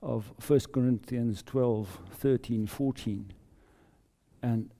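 A man with a South African accent giving an earnest personal testimony as a lay preacher, telling his story haltingly with many repeated words. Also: medium pitch, dark tone.

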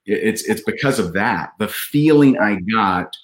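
A man's voice: on the low side, animated, unhurried. A man telling a personal story as a podcast guest, earnest and full of fillers and restarts. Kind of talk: casual storytelling.

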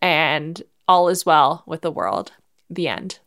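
A woman's voice: deep voice, animated, takes it slowly, creaky, fairly bright tone. A woman co-hosting a podcast, playfully making up a movie plot in a casual, giggly way. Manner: playful, giggly storytelling with many ums. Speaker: podcast co-host.

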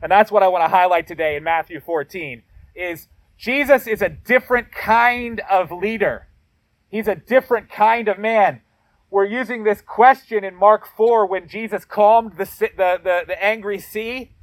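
A man's voice: high-pitched, normal speed, no echo. A male pastor giving a sermon in a conversational, emphatic way, with casual slangy asides as he reads and retells a Bible passage.

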